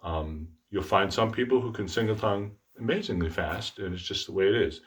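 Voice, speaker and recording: A middle-aged man with a fairly low voice gives a trombone lesson. He talks in an easygoing, self-deprecating way and breaks off to voice tonguing syllables as he demonstrates them. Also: a little fast. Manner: relaxed, self-deprecating, speaks out articulation syllables. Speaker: trombone teacher. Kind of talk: instructional demonstration.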